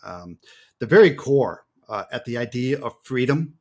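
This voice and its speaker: A man co-hosting a podcast, with a slightly husky voice. He talks emphatically, and his pitch rises and falls a lot. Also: animated, normal speed, darkish tone. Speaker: podcast co-host. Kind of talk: casual podcast chat.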